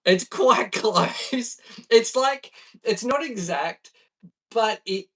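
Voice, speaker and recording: A man's voice: sits high, lively intonation, extremely slow, fairly bright tone. Chatty man, mic off at a distance. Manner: chatty, reacting to chat, laughs easily. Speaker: livestreamer. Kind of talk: casual live-stream chat.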